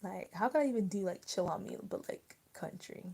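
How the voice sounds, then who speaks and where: A young woman from Maryland hosts a casual livestream, chatting to her viewers in a loose, rambling way. Her speech is full of fillers and restarts. Her voice is warm and mellow. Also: mid-range voice, animated, fairly quick, slight background noise. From Maryland, USA. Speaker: livestream host.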